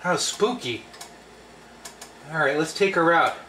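A man's voice: a little high, animated, takes it slowly, pushed and bright, a little hiss or hum. A man hosting a home cookware test vlog, who talks playfully to the pan as if it were a person. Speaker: channel host.

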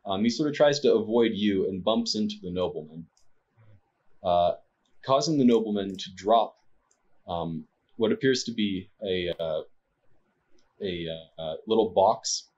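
Husky low-voiced game master, full of hesitations. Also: male voice, a little slow, pauses often, a little mellow, muffled recording. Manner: hesitant, many fillers. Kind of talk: narrating a tabletop game.

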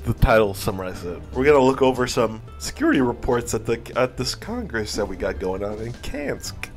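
A man giving casual, rambling commentary on a strategy game he is playing, swearing and laughing often. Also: medium pitch. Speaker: video game streamer. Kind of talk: casual let's-play commentary.

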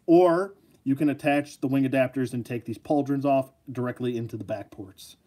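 A man's voice: medium pitch, normal speed, mellow. A man hosting a casual live action figure review, joking and rambling as he talks to his viewers.

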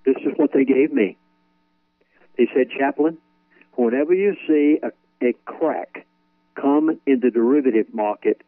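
A man's voice: mid-range voice, no room sound. Male pastor, phone-in guest, emphatic and repetitive delivery, dry telephone audio. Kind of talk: phone-in radio interview. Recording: tinny phone line.

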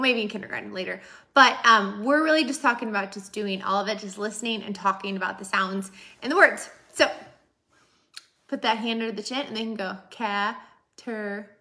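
A woman's voice: medium pitch, sharp tone. A woman hosting a casual teaching video for preschool teachers, chatty and upbeat with many fillers.

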